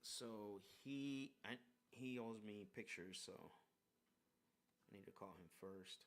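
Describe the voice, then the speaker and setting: A man's voice: on the low side, slow. A man giving casual live sales coaching, rambling and restarting his sentences, often tagging them with "right?". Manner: rambling, filler-heavy, keeps asking "right?".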